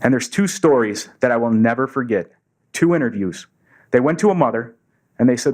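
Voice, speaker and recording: Man, earnest storytelling speech, live audience in a meeting room, medium-pitched voice. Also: lively intonation, brisk, darkish tone. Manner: earnest, acts out quoted dialogue. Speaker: Rotary district governor giving a speech.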